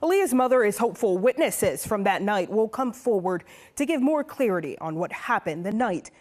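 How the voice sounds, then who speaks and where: A woman reporter delivers a local TV news package in a lively, sing-song voice. Her pitch sits mid-range and moves up and down a lot. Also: normal speed, background noise.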